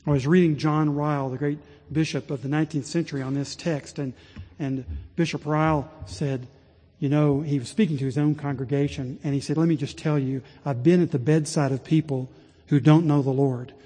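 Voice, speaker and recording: A man preaching a sermon as pastor, rising to impassioned pleading and dropping low and slow. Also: steady tone, mellow, slightly rough. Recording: long reverb of a large hall.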